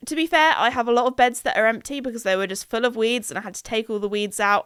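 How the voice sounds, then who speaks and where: A young woman tells a rambling, self-mocking story on her podcast. Her voice sits fairly high and sounds smooth and clear. The recording is dry and close, with no room sound. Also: fairly bright tone, dry recording. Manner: chatty, self-mocking, acts out her own quoted remarks in higher voices. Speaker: podcast host. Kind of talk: casual storytelling monologue.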